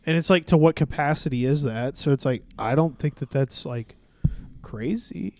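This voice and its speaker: A man co-hosting a podcast in casual joking chat, a few beers in and quick to burst into loud laughs. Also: on the high side. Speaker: podcast co-host.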